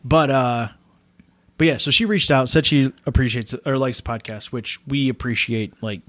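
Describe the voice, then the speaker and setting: A man's voice: mid-range voice, moderate pace, a bit bright, no room sound. Man, Midwestern accent, tipsy, rambling casual chat, dry close mic. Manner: rambling, self-correcting, tipsy banter. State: tipsy from wine. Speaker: podcast co-host. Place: home room. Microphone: close podcast mic.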